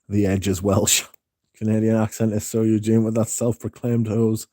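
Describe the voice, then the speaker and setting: A man's voice: lowish voice, level tone, moderate pace, mellow, dry recording, clean studio sound. A man hosting a livestream, reading live comments in casual chat, laughing often and swearing. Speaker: livestream host.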